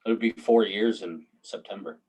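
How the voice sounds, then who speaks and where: Casual and laid-back, a male podcast co-host in his 30s swears and laughs often while chatting, still recovering from hip surgery. His voice is fairly low, darkish and husky at a normal speed, and the audio is poor.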